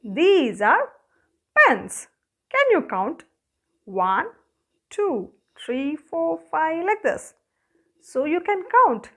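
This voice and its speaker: A woman's voice: high voice, big pitch swings, extremely slow, pauses often. A woman with an Indian English accent teaching a grammar lesson, asking questions and answering them herself as she counts objects aloud. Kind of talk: classroom lesson.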